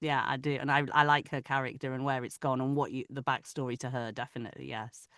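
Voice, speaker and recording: A woman with a Manchester accent chats in an interview as an audiobook narrator. Her voice is bright and clear, and she laughs often between thoughts. The sound is dry and close, as on a video call. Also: very deep voice, flat delivery, quick pace, no room sound. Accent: Manchester English. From Manchester, England. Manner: chatty, laughs often, trails off softly. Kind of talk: casual interview chat.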